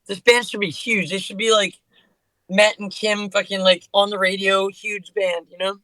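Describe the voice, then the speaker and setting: A man with a high, bright voice chats as a guest musician on a podcast. He rambles loosely, restarting his sentences often. The recording is dry and close. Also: level tone, normal speed, dry recording, poor audio. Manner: rambling, with many fillers and restarts. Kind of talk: casual podcast conversation.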